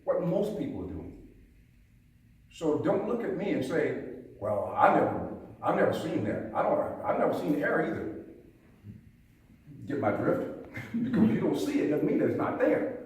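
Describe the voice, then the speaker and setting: An older man from the American South, acting as a police chief, gives a folksy public talk to an audience in a museum hall. His high, slightly mellow voice swoops wildly in pitch at a moderate pace with long pauses as he tells stories, offers homespun sayings, and asks questions. The distant mic records echo and faint room noise.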